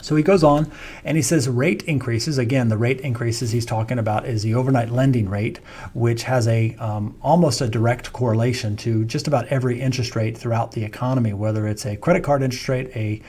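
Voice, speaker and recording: A man's voice: mid-range voice, fairly even intonation, brisk, darkish tone. Man explaining market news. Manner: explanatory, with hesitant fillers. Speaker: financial adviser. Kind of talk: monthly market commentary.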